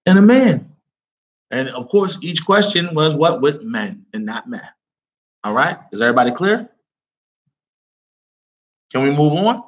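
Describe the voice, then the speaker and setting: A man's voice: on the high side, very animated, a little slow, long pauses, dull audio. A man teaching an Arabic lesson who keeps checking on his class with repeated questions, reading phrases aloud and then explaining them in English.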